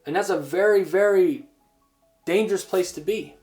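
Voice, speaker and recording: A man's voice: high-pitched, a little mellow, soft background music. Earnest man preaching a testimony sermon. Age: adult. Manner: earnest, halting with many restarts.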